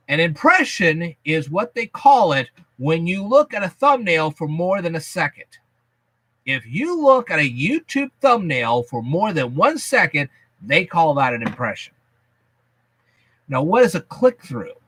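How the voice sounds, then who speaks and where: A man with a fairly high, bright voice that swings widely in pitch as he talks. He explains things to his viewers in a folksy, chatty and emphatic way. The sound is dry and close. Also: breathy edge, dry recording. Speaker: YouTube channel host. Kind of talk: casual vlog explaining to viewers.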